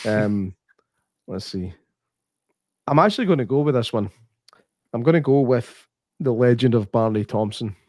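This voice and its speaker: Scottish male podcast co-host, sweary, animated storyteller, dry close sound. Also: mid-range voice, measured pace, long pauses, no echo. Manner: sweary, animated storyteller who acts out quotes. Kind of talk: casual chat.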